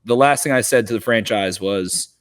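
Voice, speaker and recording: A man's voice: on the low side, normal speed. Young man, Baltimore accent, podcast co-host, boisterous, joking, casual sports chat. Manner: joking, boisterous, swears freely.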